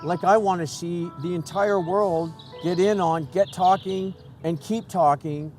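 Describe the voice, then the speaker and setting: A man speaking as a guest, telling a personal story in an earnest, halting way with many restarts, moved and emotional. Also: high-pitched, steady tone, a little mellow. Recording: music playing under the voice.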